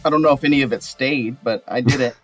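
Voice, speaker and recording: A man co-hosting a live stream, making quiet asides. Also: medium pitch, quick pace, soft background music. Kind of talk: casual live-stream chat.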